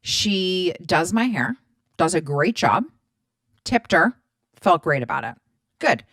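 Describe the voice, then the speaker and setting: Low-voiced woman in her thirties, chatty podcaster. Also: slow pace, dry recording. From Middle Eastern background. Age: 30s. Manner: chatty and animated, swears freely, acts out both sides of a conversation. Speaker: podcast host. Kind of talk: casual storytelling monologue.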